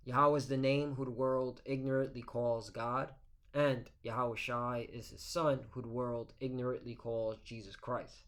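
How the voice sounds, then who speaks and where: A man of ordinary pitch reads scripture in a slow, formal cadence. He then shifts into a loose, conversational sermon. He keeps tagging his points with "okay?" and "all right?" as if checking in with his listeners. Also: little pitch movement. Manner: peppers talk with "okay?" and "all right?" tags. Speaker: religious teacher. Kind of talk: scripture reading and informal sermon.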